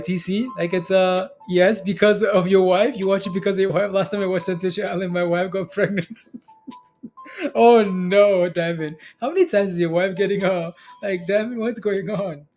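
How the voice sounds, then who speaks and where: Young male streamer, high voice, rambling casual chat with lots of laughs and fillers. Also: a little mellow. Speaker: livestream stock trading host. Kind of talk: casual livestream chat reading viewer comments.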